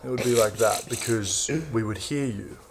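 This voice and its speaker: A young man with an Australian accent and a gravelly, low-pitched voice. He explains things in an easygoing, relaxed drawl. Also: normal speed, crowd noise. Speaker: guest explaining slang. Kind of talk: casual explainer in a played clip.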